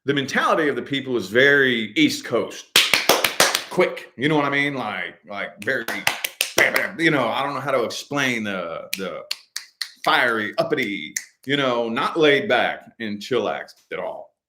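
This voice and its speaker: A man's voice: medium pitch, lively intonation, normal speed, very noisy. Rambling laid-back man chatting casually. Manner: rambling, loose and profane, with many "you know" fillers. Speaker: host answering viewer comments. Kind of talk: casual livestream chat.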